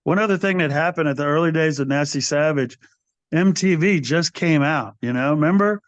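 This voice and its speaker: A man in his sixties, a guest on an interview podcast, telling stories in a casual, animated way and acting out the people he quotes. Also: on the high side, a little fast, no room sound. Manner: animated storyteller who acts out quoted people, calls the host brother. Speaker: interview guest, metal singer. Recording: dry, slightly dull podcast audio.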